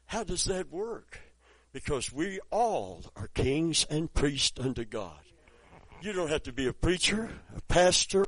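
A man preaching a sermon, telling a story softly and then rising into loud, high exclamations. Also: no room sound, poor audio.

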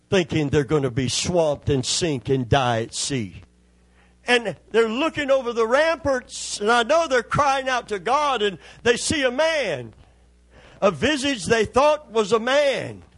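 A man's voice: high-pitched, no echo. A man preaching a sermon as pastor, folksy and impassioned.

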